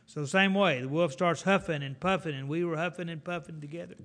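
A middle-aged man preaching a folksy sermon in an animated, storytelling way. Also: on the high side, fast talker.

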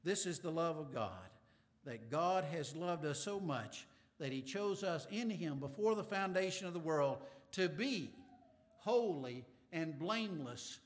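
A man's voice: fairly high pitch, lively intonation, measured pace. A man preaching a sermon, earnest, stretching key words and checking in with frequent "right?" asides. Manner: restarts and stammers, light sarcastic teasing. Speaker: pastor.

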